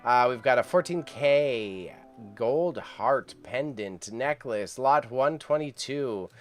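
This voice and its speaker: Young male live-stream host, loose and chatty, faint music underneath. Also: takes it slowly. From Canada. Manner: chatty, swearing, laughing often, pitch jumps when excited. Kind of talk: casual live-stream chat.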